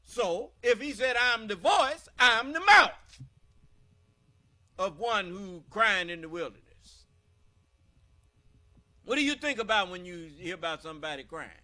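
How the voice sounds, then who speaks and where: A high, bright-voiced American man preaches on scripture with an emphatic, questioning delivery. His pitch swings widely as he drives each point home, and he speaks slowly, leaning on his words. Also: very animated. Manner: emphatic, asks the listeners questions. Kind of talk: scripture teaching sermon.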